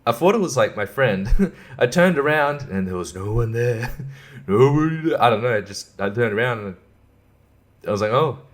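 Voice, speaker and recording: A man's voice: medium pitch, animated, moderate pace. Guy doing a solo podcast rant, sarcastic, swears a lot, keeps laughing to himself. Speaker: podcast host. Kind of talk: casual podcast monologue.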